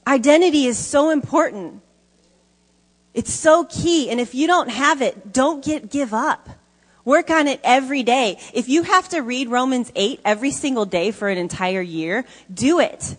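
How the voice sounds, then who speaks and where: A woman's voice: on the high side, lively intonation, a little slow, in a large hall. A woman preaching a sermon to a congregation, emphatic and conversational, often asking the audience questions. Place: church hall before an audience.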